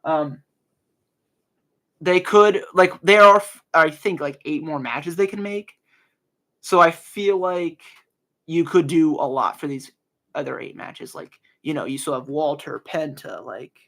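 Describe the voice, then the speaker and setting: A young man in his early twenties with a fairly high, fairly bright voice speaks at a measured pace. He hosts a casual solo podcast, talking earnestly but with many fillers and restarts.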